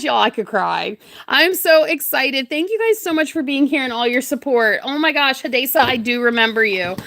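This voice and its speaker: A young woman with a high, bright voice chats bubbly and giggly while crafting on a livestream. She keeps thanking viewers by name in a casual, friendly rhythm. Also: vocal fry.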